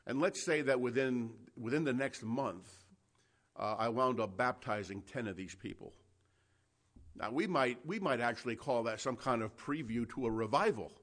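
A male preacher deep in a passionate sermon, climbing from plain talk into loud, urgent exhortation. He speaks at a mid-range man's pitch and stumbles over restarts as he presses his point. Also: normal speed. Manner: impassioned, builds to loud exhortation, addresses listeners as friends; frequent restarts and fillers.

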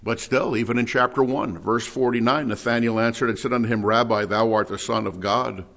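A man's voice: medium pitch, steady tone, fairly quick, creaky, a bit bright. Man teaching a Bible sermon. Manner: expository, rhetorical questions, rising emphasis. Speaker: preacher.

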